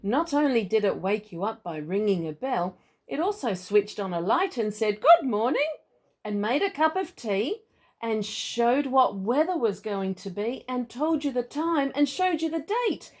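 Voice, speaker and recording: Animated woman reading a storybook to a child. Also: a little high, normal speed. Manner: playful, animated, chatty asides. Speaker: parent or relative reading to a child.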